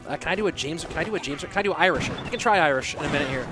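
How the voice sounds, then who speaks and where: A young male caster calls an esports match live, trading casual, joking banter with his chat. His voice sits high for a man, with clear music running behind. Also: expressive, fast. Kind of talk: live stream game commentary.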